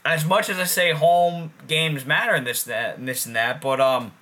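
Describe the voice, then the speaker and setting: A man's voice: a little high, normal speed, sharp tone. A man co-hosting a casual sports podcast, talking loosely, swearing and repeating himself. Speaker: podcast co-host.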